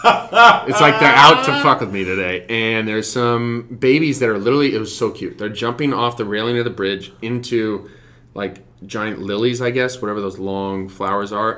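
A man's voice: fairly low pitch, pushed and bright. A young man, a podcast guest, telling a story in casual chat and acting out the voices of the animals in it.

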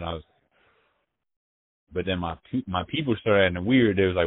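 Low-voiced man on a tinny phone line. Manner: profane, halting, slangy, with frequent restarts. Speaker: interviewee. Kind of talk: casual storytelling.

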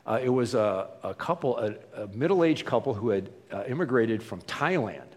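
A man's voice: mid-range voice, animated, moderate pace, in a large hall. A man preaching a sermon, telling stories in a chatty way with fillers and restarts. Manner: conversational storytelling with fillers and restarts. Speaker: pastor.

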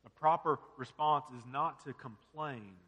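A man's voice: mid-range voice, measured pace, a bit bright, breathy edge, long reverb tail. A man preaching a sermon as pastor, earnest and full of rhetorical questions.

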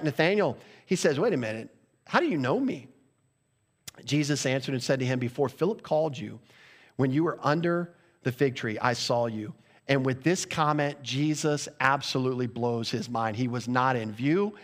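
A male pastor delivering a sermon in a conversational style, asking the congregation rhetorical questions. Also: fairly high pitch.

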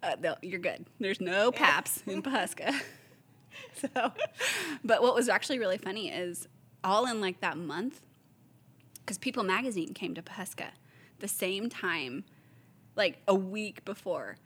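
A woman, a store owner casually telling lively stories, acting out the voices of the people she quotes. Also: mid-range voice, measured pace, long pauses, husky. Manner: animated storyteller, acts out quoted voices, laughs often. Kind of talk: casual chat.

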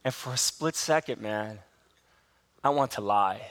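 A man's voice: fairly low pitch, measured pace, fairly bright tone. A male pastor preaching a sermon in a church, telling a personal story in a candid, self-deprecating way.

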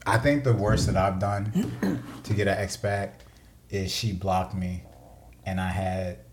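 A very deep-voiced man in his twenties talks on a podcast. He tells his stories in a relaxed, drawling way and keeps things casual. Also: slow, a little hiss or hum. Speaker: podcast guest.

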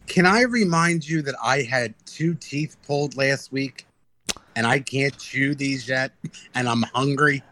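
A man in casual podcast chat, telling animated stories and swearing freely. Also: mid-range voice, unhurried, slight background noise.

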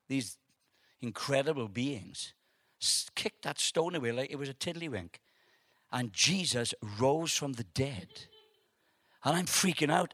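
A man preaching a testimony sermon in a slightly raised voice. He tells his story with animation and stumbling repeats, then turns quiet and gentle. The sound is dry and close. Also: fairly high pitch, no room sound.

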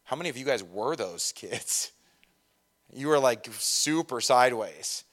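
A middle-aged man preaching a sermon to a congregation in a conversational, lively way, with self-deprecating asides about parenting. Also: medium pitch, a little slow. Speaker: pastor.

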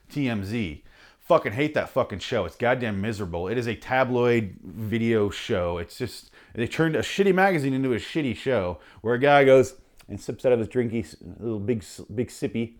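A man's voice: lowish voice, animated, a little fast. A man hosting a podcast, delivering an angry, sarcastic, profanity-filled comic rant and now and then mocking people in put-on voices. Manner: angry, sarcastic, heavy swearing. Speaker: podcast host reading his rants.

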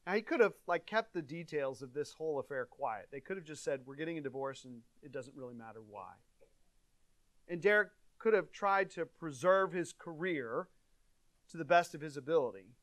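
A male pastor preaches in an earnest, conversational way, rising to stress a point and sinking low and soft for reflection. His voice sits a little high for a man, and the recording is dry and close, with almost no room sound. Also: expressive, moderate pace, no room sound. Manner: earnest, conversational preaching with dynamic swings in volume. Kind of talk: sermon.

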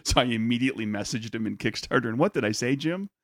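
A man's voice: medium pitch, lively intonation, fast, slight background noise. A man hosting a podcast in casual, jokey banter who laughs often. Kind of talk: casual chat.

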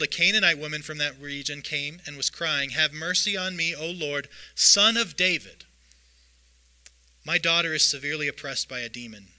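A man preaching a sermon, reading scripture aloud and retelling the stories in a lively way. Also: on the high side, rough recording. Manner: lively storytelling, reads scripture aloud with voiced asides. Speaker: pastor.

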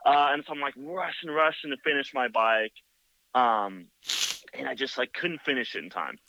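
A motorcycle builder telling a long story in casual chat, full of "like" and "you know.". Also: male voice, medium pitch, normal speed, sharp tone. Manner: rambling, filler-heavy with many "like" and "you know". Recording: dull lo-fi, dry sound.

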